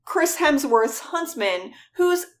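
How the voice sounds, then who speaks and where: A woman hosting a podcast, recapping a film in a wry, animated way. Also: high-pitched, slow pace. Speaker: podcast host. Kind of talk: casual chat recapping a film.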